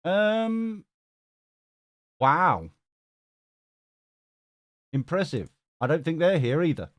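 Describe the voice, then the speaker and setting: Male stream host, casual and chatty, bouncy pitch, dry close sound, laughs and swears freely. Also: very animated, very slow, no echo. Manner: chatty, laughs often, swears, reads chat aloud. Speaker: tarot reader and stream host. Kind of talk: casual live-stream chat.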